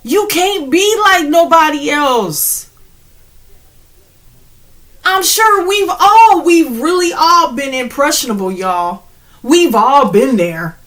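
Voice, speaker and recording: Woman spiritual vlogger, high bright voice, animated, slangy, preachy and laughing. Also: slow pace. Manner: preachy, addresses viewers directly. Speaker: spiritual channel host. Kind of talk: casual spiritual pep talk.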